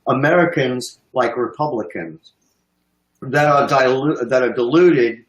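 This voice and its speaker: A man's voice: mid-range voice, a little slow, echoey room, dull audio. A British man giving sarcastic, profane political commentary on a livestream, mocking and emphatic. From United Kingdom.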